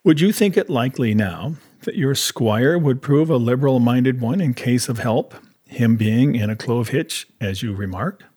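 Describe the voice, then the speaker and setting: A man reading an audiobook, voicing a half-crazed old castaway who talks in eager, rambling, rustic sailor's speech, a bit higher and louder than his own voice. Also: expressive, normal speed, husky. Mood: wheedling. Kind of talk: audiobook character voice.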